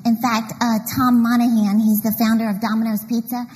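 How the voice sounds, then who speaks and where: A middle-aged woman giving an animated, story-filled motivational church talk, laughing often. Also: fairly high pitch, brisk. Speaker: women's conference speaker. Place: church hall. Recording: reverberant hall mic, faint noise.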